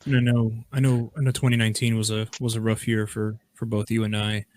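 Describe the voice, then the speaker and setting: A man hosting a podcast, asking questions in a halting, casual way. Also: lowish voice, flat delivery, a little mellow. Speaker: podcast host. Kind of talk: casual interview chat.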